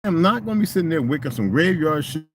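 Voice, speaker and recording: A man's voice: on the high side, fast talker. Middle-aged guy ranting, cussing a lot, voice jumping all over, faint street noise around. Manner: animated, profane, swings into loud mocking quotes. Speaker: vlogger. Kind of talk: casual rant to camera.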